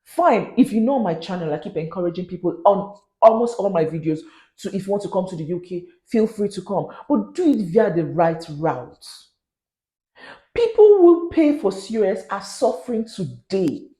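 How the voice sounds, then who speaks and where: A woman's voice: mid-range voice, very animated, normal speed, mellow, reverberant. A woman, talking earnestly to camera in a vlog and giving warnings, sometimes dropping into pidgin. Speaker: vlogger.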